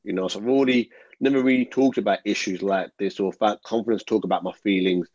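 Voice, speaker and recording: A man's voice: on the low side, fairly even intonation, quick pace, darkish tone, no echo. A man, a former footballer speaking as an interview guest, earnest and rambling with many fillers. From England. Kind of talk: reflective interview talk. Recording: dull, dry audio.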